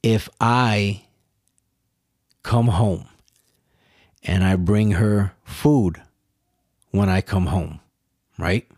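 A man talks to himself on his own podcast in a loose, meandering monologue, full of profanity and questions he answers himself. His voice sits on the low side, and the recording is dry and close. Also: very slow, pauses often, a little mellow, no echo. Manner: rambling, profane, rhetorical questions. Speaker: podcast host. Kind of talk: casual solo monologue.

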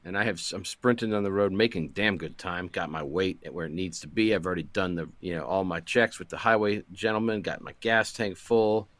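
A man co-hosts a comedy podcast, building absurd improvised stories with playful glee. His voice sits very low. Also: fairly quick, hardly any pauses, fairly bright tone, no echo. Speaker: podcast co-host. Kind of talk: comedic movie-riff chat.

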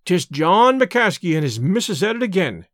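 An easygoing policeman put on by a storybook narrator muses in a slow, folksy brogue, his voice rising and falling lively. The sound is close and dry. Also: high-pitched, no room sound. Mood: musing. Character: Irish beat cop, lazy and easygoing.

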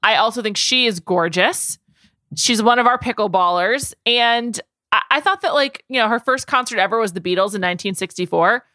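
A woman's voice: on the high side, a little fast, pushed and bright, no room sound, studio quality. A woman co-hosting a podcast in enthusiastic, rambling chat with heavy "like" fillers. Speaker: podcast co-host. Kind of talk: casual chat.

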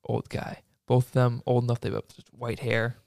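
A young man telling a workplace story in casual chat, acting out the quotes loudly and laughing often. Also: mid-range voice, monotone, normal speed, vocal fry, dry recording, studio quality.

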